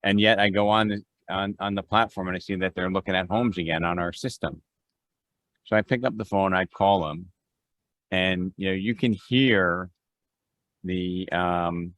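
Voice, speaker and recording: A man's voice: deep voice, a bit bright, dry recording. A man leading a real estate mastermind on a video call, talking conversationally with restarts and acted-out phone exchanges. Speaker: real estate team leader.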